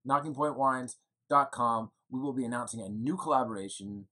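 Guy in his 30s doing a casual home video update, chatty, rambly, mid pitch. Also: moderate pace, sharp tone. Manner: chatty, rambling, with fillers and self-deprecating jokes. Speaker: winery co-owner giving updates. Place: indoors at home in the evening.

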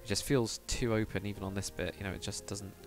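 A man's voice: on the low side, steady tone, fast talker, soft background music. A man on a casual live stream, thinking aloud and muttering to himself as he builds, stopping now and then to read out and answer viewer chat.

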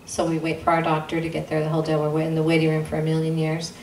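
A woman telling a personal testimony at a church gathering, in an earnest way, acting out the dialogue with sudden jumps in pitch. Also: completely flat delivery, quick pace, darkish tone. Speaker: guest speaker sharing testimony. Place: intimate church gathering room. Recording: roomy sound from a distant mic, faint noise.

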